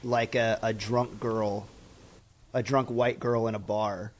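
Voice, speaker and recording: A man co-hosting a political podcast, joking and telling animated stories. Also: on the low side, slow pace. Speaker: podcast co-host. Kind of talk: casual political chat.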